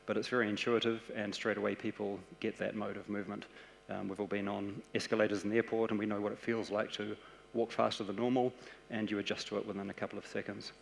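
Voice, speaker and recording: A man with a New Zealand accent giving a conference presentation, explaining ideas in a steady, practical way. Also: lowish voice, gravelly, a little hiss or hum. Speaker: conference speaker. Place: large conference hall. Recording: echoey conference hall.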